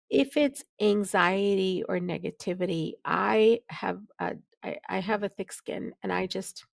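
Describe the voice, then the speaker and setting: A woman's voice: medium pitch, vocal fry, dry recording. A middle-aged woman with a Midwestern American accent, speaking candidly and reflectively as an interview guest, laughing easily and restarting her sentences. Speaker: podcast guest, physician leader. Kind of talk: conversational interview.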